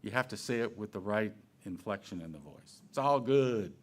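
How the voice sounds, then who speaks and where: A man giving a Sunday talk in a relaxed, conversational way, with playful asides and questions to himself. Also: fairly low pitch, brisk, breathy edge. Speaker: minister. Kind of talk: sermon.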